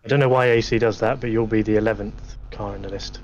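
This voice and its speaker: A man's voice: lowish voice, fairly even intonation, fast talker, muffled recording, a little hiss or hum. A man joining a stream as a guest coach, talking casually and thinking aloud. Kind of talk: casual chat.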